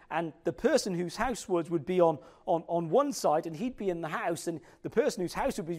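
Expressive preacher, higher voice. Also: male voice. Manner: expressive, drops to slow quiet emphasis on scripture. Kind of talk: sermon.

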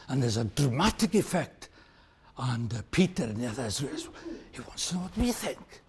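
A man preaching a sermon, expressive and emphatic, acting out the questions he quotes and slowing down to stress key words. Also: mid-range voice, a little hiss or hum.

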